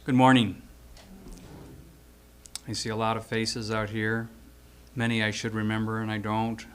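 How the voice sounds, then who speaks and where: A man's voice: lowish voice, flat delivery, a little slow, fairly bright tone. A man around seventy reading a prepared eulogy for an old friend, hesitant at first and then telling stories with acted-out quotes.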